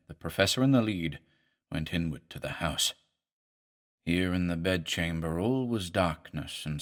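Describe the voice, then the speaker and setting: Male horror narrator, lowish voice, measured and dramatic delivery.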